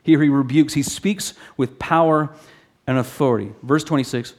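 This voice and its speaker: A man's voice: mid-range voice, normal speed. Earnest man preaching a sermon. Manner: earnest, teaching, with frequent restarts and rising emphasis on quotes. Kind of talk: expository sermon.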